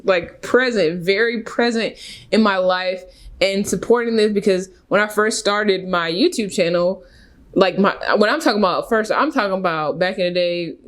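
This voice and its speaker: A woman in her thirties telling a personal story to camera in a casual, earnest way, often restarting her sentences. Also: mid-range voice. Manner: earnest, rambling with frequent restarts. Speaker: vlogger.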